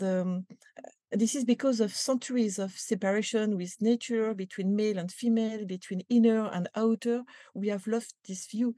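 French-accented woman, mellow and thoughtful. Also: medium pitch, dry recording. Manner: thoughtful, hesitant with frequent fillers and repeated words. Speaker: guest. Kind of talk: podcast interview.

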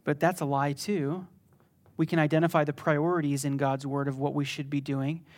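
A middle-aged male pastor preaching a sermon in a conversational, animated way that bursts into sudden intensity. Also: on the high side, normal speed.

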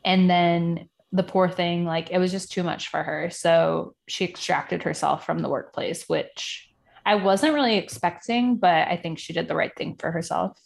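A woman's voice: lowish voice, a little slow, creaky. A woman from Puerto Rico co-hosting a casual podcast chat, talking in a chatty way full of fillers and asides. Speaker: podcast co-host. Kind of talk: casual chat about reality TV.

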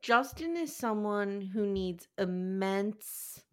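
A woman's voice: mid-range voice, lively intonation, slow. A woman co-hosting a podcast, reacting bluntly and casually to her co-host's recap of a reality show. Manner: blunt, reacts with laughter and swearing. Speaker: podcast co-host. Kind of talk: casual chat.

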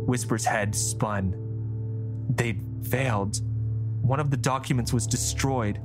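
A man narrating a fantasy story in steady scripted storytelling. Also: mid-range voice, slow pace. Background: music.

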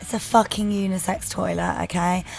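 A woman's voice: lowish voice, fairly even intonation, moderate pace, vocal fry, soft background music. Blunt, sweary woman podcaster. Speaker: podcast co-host. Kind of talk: casual chat.

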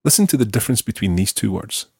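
A man with a Scottish accent teaching a podcast language lesson and repeating words slowly for the learner. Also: lowish voice, lively intonation, darkish tone, husky, no echo, clean studio sound. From Scotland.

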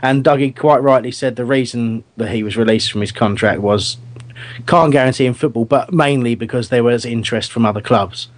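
A man's voice: medium pitch, brisk. A man hosting a casual fan podcast, talking in a rambling, hesitant way with many restarts. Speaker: podcast host.

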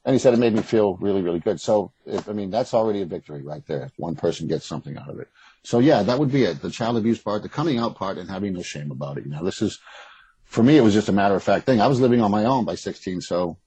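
A middle-aged man with a very low, husky voice talks fast and frankly as an interview guest. He rambles, restarts his sentences and speaks bluntly. The sound is dry and close. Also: expressive, warm tone, dry recording, rough recording. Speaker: guest, author. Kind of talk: casual interview conversation.

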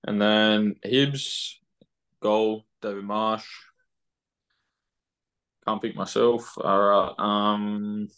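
A young man with an Australian accent, chatting loosely as a footballer guest on a podcast, laughing easily. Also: lowish voice. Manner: relaxed, laughing, halting with fillers. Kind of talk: casual podcast interview.

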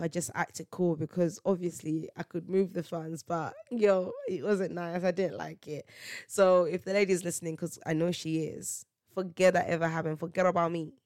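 A woman chats through a casual solo podcast, spinning slangy anecdotes with lots of laughter. She acts out what people said in her stories. Her voice sits on the lower side for a woman and is recorded dry and close. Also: no room sound. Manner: animated storytelling, slangy, laughs often, acts out quotes. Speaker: podcast host.

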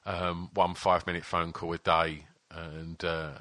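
A man's voice: low voice, level tone, unhurried, bright, forceful tone, no room sound. A man co-hosting a podcast, talking in a casual, teasing way with lots of swearing and fillers. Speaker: podcast co-host. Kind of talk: casual chat.

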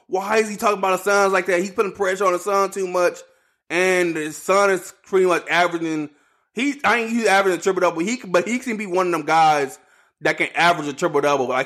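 A man with a fairly high voice and hosts a casual solo sports podcast. He rambles, circles back, and repeats himself in loose, slangy, animated talk. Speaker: podcast host.

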